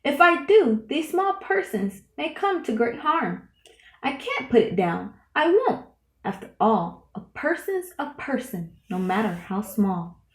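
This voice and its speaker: A woman's voice: a little high, sing-song, a little slow. A woman voicing a kind, loyal male elephant who talks earnestly and pleads, read in a roomy room. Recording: roomy echo.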